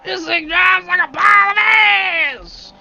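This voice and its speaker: Bitter, vengeful seventy-year-old grandpa, put on by a man, bellowing complaints, bright and forceful. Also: very high-pitched, takes it slowly, creaky, dull audio, voice pushed up, heavily acted. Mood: furious. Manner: shouting angry complaints.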